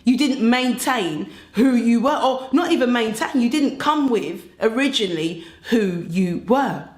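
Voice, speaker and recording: A young woman giving relationship advice to camera in a chatty, animated way, acting out little scenes as she goes. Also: a little high, measured pace. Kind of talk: casual advice monologue to camera. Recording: roomy echo.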